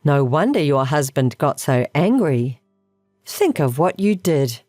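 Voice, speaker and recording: A woman's voice: low-pitched, very animated, a little slow, a little mellow, no echo, clean studio sound, soft background music, heavily acted. A woman voicing a cool, sarcastic adult woman who was wronged, in a texting-story voice-over. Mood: cold sarcastic. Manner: sarcastic, unbothered.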